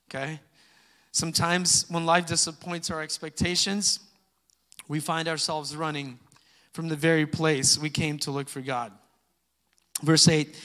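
A man preaching a sermon, reading scripture loudly and dropping into soft, chatty asides to the congregation. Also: on the high side. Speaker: pastor. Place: church sanctuary. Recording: long hall reverb.

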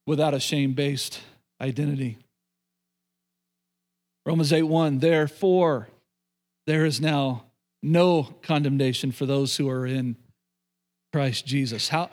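A middle-aged man preaching to a congregation, repeating phrases and restarting sentences as he calls out to the room. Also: a little high. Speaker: pastor. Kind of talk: sermon.

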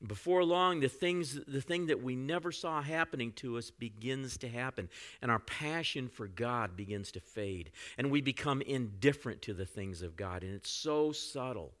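A man delivers a sermon from the pulpit in a relaxed, conversational way. His voice is bright and forceful, and his pitch sits in the middle range for a man. He often breaks off into asides to the congregation as he preaches. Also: normal speed, hardly any pauses. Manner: conversational preaching, frequent "you know" asides. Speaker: pastor.

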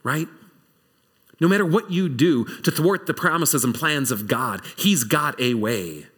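A man preaching a sermon, telling the story in an animated, conversational way. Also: medium pitch, a little slow, breathy edge. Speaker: pastor.

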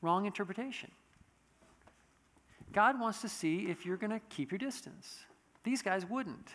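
A man delivers a sermon in a loose, conversational style, stumbling into restarts and asides as he goes. His voice sits very high and bright. A long hall reverb trails behind every phrase. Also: expressive, measured pace. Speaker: pastor.

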